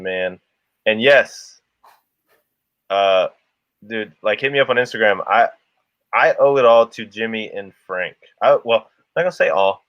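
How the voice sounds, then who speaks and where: A man's voice: lowish voice, a bit bright, no echo. A man co-hosting a casual livestream, rambling and laughing as he talks to the chat. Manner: rambling, laughs often, restarts a lot. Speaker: livestream co-host.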